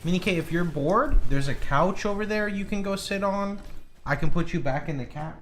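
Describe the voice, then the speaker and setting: A man's voice: high voice, moderate pace, a bit bright, slight background noise. A man streaming a video game from home, chatting casually and playfully scolding his cat, with some swearing. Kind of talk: casual gameplay commentary. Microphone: studio condenser mic.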